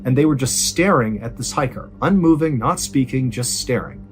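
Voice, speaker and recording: A man hosting and narrating true scary stories in a suspenseful, conversational way, slowing down for emphasis. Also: mid-range voice, expressive, soft background music. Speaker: storyteller host. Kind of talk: dramatic true-story narration.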